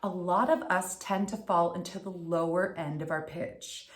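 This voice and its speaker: A woman voice coach giving an upbeat tutorial, enunciating crisply. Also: on the low side, fairly even intonation, normal speed, roomy sound. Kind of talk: instructional tutorial.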